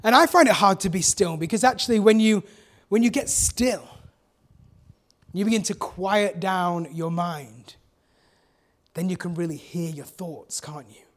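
A man with a notably high voice delivers a sermon. He talks to the congregation as if chatting, often turning to them with rhetorical questions. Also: measured pace, pauses often. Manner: conversational, asks the listeners rhetorical questions. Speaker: preacher.

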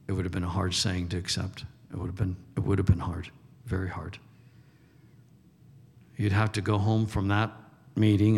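A man preaching a sermon in an informal, conversational way, acting out the voices he quotes and chuckling now and then. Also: lowish voice. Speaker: pastor. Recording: long reverb of a large hall.

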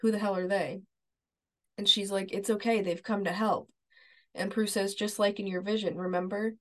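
A woman's voice: medium pitch, steady tone, moderate pace, a bit bright. A woman co-hosting a podcast, chatting casually and retelling scenes from an episode step by step. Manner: agreeable, many fillers like "like" and "yeah". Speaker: podcast co-host. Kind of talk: casual chat, recapping a TV episode.

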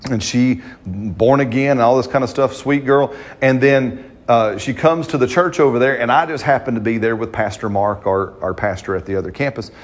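A man preaching a sermon in church, stretching out scripture lines and punctuating them with amens. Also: medium pitch. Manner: fervent preaching, slow drawn-out stress on scripture, frequent amens. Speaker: pastor. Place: church service.

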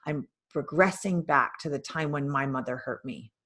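A woman's voice: sits low, normal speed, fairly bright tone. A woman hosting a spiritual healing session, coaching a caller and guiding a visualization with direct, insistent instructions. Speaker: host and spiritual healer.

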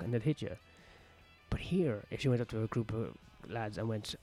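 A stand-up comedian, rambling crudely and jokingly in a casual vlog, recorded outdoors on a patio. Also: male voice, mid-range voice, a little fast, dark tone, soft background music.

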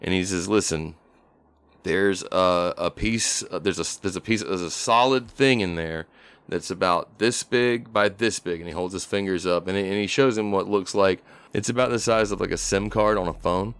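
A man's voice: sits low, moderate pace, fairly bright tone, smooth. A man playing a tabletop role-playing game, describing his character's actions hesitantly, with many fillers. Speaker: player.

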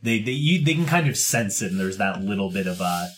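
A man's voice: fairly low pitch, animated, a little fast, fairly bright tone, a little hiss or hum. A man running a tabletop game as game master, describing scenes in a loose, rambling way with many fillers.

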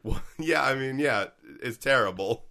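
A man in casual comedic chat, playful and quick to laugh. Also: medium pitch, animated, bright, forceful tone. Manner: laughs often, playful and jokey.

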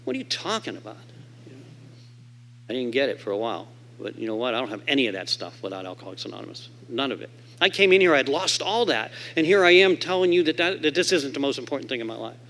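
Male convention speaker, mid-pitched voice, animated telling, goes from loud bursts to quiet and low. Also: quick pace, a little hiss or hum. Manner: animated storyteller who acts out quoted voices. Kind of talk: recovery story told to a convention audience. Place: convention hall stage.

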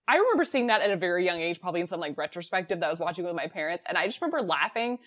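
A woman's voice: lowish voice, big pitch swings, very fast, fairly bright tone. A woman co-hosting a podcast, chatting casually about a sitcom episode, laughing often and trailing off mid-thought. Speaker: podcast co-host.

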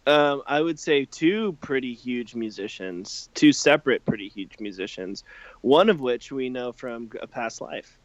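A man's voice: medium pitch, expressive, measured pace, no room sound. Teasing man on a dull, dry podcast mic. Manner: joking, teasing, swears casually. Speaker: podcast co-host. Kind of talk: casual podcast chat.

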